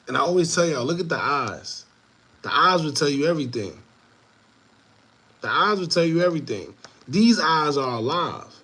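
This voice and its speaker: A man hosting an online commentary show, talking casually to viewers in a repetitive, animated way with laughing asides. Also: mid-range voice, slightly rough. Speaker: show host.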